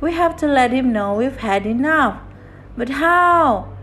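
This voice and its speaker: Timid polite storybook sisters, hesitant and soft, read by a woman, high and slow. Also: lively intonation.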